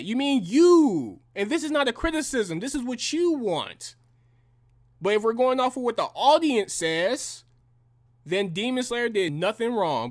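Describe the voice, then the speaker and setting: A man's voice: very high-pitched, fairly bright tone. A young man delivering a heated, profane and combative reaction rant in slangy language. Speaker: reaction commentator.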